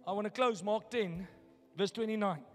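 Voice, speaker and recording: Man, pastor, high voice, passionate sermon, reverberant church, faint music. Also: moderate pace. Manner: impassioned, swings from hushed storytelling to loud challenge. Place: church hall.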